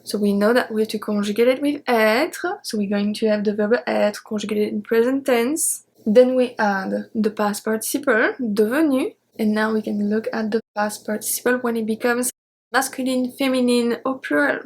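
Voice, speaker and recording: Lady teaching verbs, kinda high voice, says each word slow and repeats it. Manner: slow, careful spelling-out of verb forms. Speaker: French teacher. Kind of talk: online grammar lesson.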